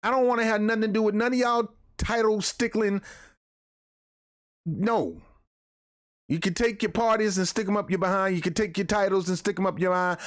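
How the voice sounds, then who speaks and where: A man hosting his own show, ranting heatedly in casual, repetitive speech. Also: high voice. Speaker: commentary host. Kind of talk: political rant to camera.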